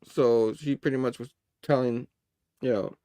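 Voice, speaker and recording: A man's voice: mid-range voice, fairly even intonation, a little slow, mellow. Laughing casual male comic reviewer. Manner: laughs often, loose, acts out dialogue. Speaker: show host, comic reviewer.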